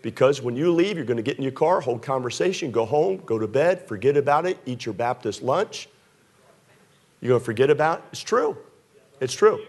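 A man preaching a sermon to a congregation, animated, his voice climbing high when he acts out pleading prayers. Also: brisk. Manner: drops soft and low acting out a scared prayer. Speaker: pastor. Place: church sanctuary with a congregation.

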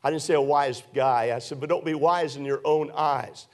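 High-voiced man preaching a sermon. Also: fairly even intonation, normal speed. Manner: earnest, repetitive preaching with frequent "uh" and rhetorical questions. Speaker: pastor.

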